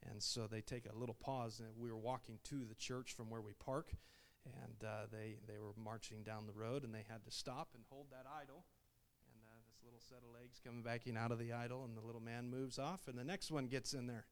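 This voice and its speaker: A man preaching a sermon as a missionary, folksy and full of "uh" fillers, his voice rising into loud calls of "Amen". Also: mid-range voice, fairly even intonation, fairly quick.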